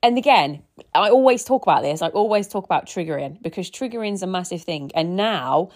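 A woman's voice: on the low side, lively intonation, brisk, darkish tone. A woman in her thirties hosting a casual solo podcast, a chatty, rambling storyteller who often restarts her sentences. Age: 30s. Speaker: podcast host.

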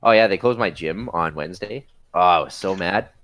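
A man's voice: sits low, a little fast, fairly bright tone. A man speaking as a podcast guest in blunt, casual chat, swearing freely.

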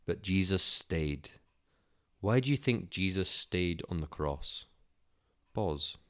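A man's voice: sits low, lively intonation, slow pace, fairly bright tone. A man reading a Bible story for children in a solemn, dramatic way.

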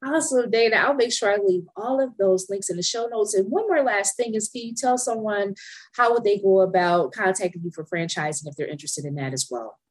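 A woman's voice: mid-range voice, a little fast, rough recording. A woman hosting a podcast interview, enthusiastic and encouraging toward her guest. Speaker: podcast host.

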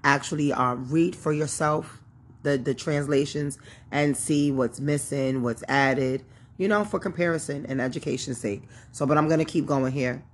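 A woman's voice: low-pitched, moderate pace. A woman reading a Bible chapter aloud and teaching, with chatty, informal asides and many fillers. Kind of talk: casual scripture reading and teaching.

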